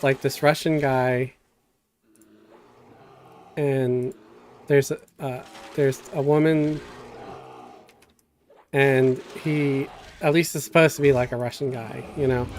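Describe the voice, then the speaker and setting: Slow, rambling middle-aged male streamer. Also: fairly high pitch, darkish tone, slight background noise. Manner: rambling and chatty, many fillers and restarts. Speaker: game streamer. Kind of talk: casual storytelling during a gameplay stream.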